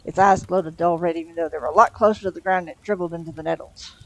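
A woman's voice: on the low side, fairly even intonation, fast, poor audio. A woman reading a novel aloud in a casual way, with small stumbles and self-corrections. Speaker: storyteller.

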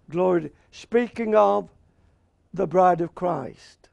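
Australian male preacher, slow, deliberate sermon delivery, high, gravelly tone. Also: a little mellow, no room sound. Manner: slow and emphatic, repeats key words, asks "Amen?".

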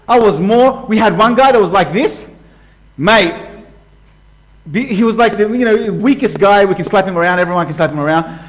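A man preaching a sermon passionately, swinging from loud outbursts to hushed lines and acting out voices. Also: high-pitched, rough recording. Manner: acts out voices for illustration. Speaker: pastor.

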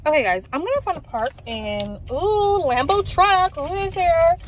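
Lively, chatty woman ranting in a car. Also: extremely high pitch, measured pace, slight background noise. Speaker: vlogger. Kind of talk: casual vlog chat. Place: in a car while driving.

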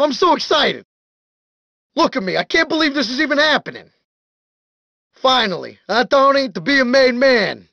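An actor playing a sleazy, jittery small-time mobster wannabe in a video game, with a whiny, rambling, panicky way of talking. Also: male voice, high-pitched, creaky, fairly bright tone, no room sound, muffled recording, full character voice. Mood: excited. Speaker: game character.

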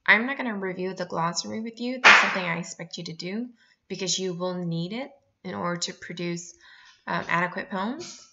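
A woman teacher giving a remote lesson, explaining clearly and slowing down to spell out each point. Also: fairly low pitch, bright, forceful tone, highs cut off, a little hiss or hum. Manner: clear and instructive, reads poems aloud, slows down to explain.

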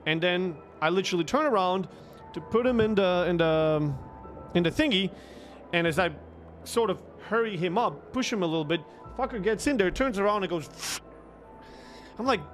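A young man casually telling a long, animated story, swearing freely and restarting his sentences. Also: high voice, moderate pace, faint music behind. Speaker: streamer telling stories.

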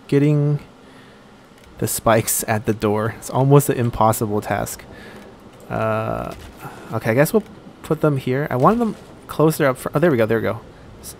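A man giving casual let's-play commentary while he plays a strategy game, thinking aloud and pausing often on fillers. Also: medium pitch, lively intonation, vocal fry, darkish tone, slight background noise. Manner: thinks aloud, halting with frequent "uh".

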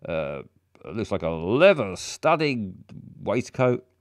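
A man's voice: on the low side, big pitch swings, slow, no echo, clean studio sound. A man streaming a game, describing a character in a rambling, hesitant way full of fillers. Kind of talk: casual game commentary.

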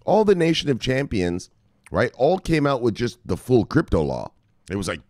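A man's voice: mid-range voice, normal speed, no echo, clean studio sound. A man hosting a crypto news show, reading headlines and riffing on them in a casual, joking, profane way. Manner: animated, profane, joking asides, reads headlines then riffs.

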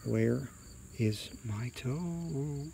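A man doing a slow groaning toe-hunting creature. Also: mid-range voice, creaky, warm tone, a little hiss or hum, pitched above the performer's own voice.

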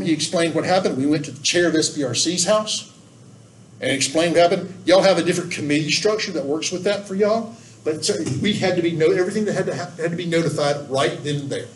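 Earnest, folksy man leading a training, voice slightly high, mic set far off with faint background noise. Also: echoey room. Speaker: church volunteer trainer. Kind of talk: training talk with anecdotes. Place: church room.

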